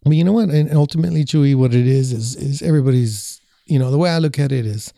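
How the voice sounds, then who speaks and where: An easygoing man hosts a casual podcast, chuckling often and restarting his sentences as he steers the talk. His voice is very dark and mellow, with a gravelly edge. The sound is close and dry. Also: medium pitch, fast, dry recording. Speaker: podcast host.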